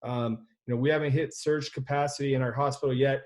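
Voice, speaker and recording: A man's voice: medium pitch, steady tone, fast, darkish tone. A man who owns a health business, speaking earnestly in a casual conversation and sometimes searching for words. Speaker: business owner.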